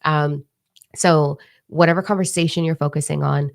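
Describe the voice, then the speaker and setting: Low gravelly lady chatting on a live stream, swears a lot, super candid. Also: steady tone, moderate pace. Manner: candid, swears freely, acts out her own reactions. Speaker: host of a spiritual live chat. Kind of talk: casual live-stream chat. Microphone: microphone in front of her face.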